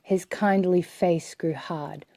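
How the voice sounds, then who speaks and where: Woman audiobook reader, even pace; very dark, dry voice. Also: fairly low pitch, slow pace, vocal fry, dry recording. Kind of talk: audiobook reading.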